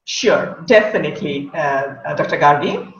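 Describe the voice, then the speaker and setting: A woman's voice: deep voice, lively intonation, normal speed. A woman, speaking as a coach and patiently demonstrating how words should be said. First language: Hindi. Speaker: accent coach. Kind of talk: explanatory interview answers. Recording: roomy, dull lo-fi audio.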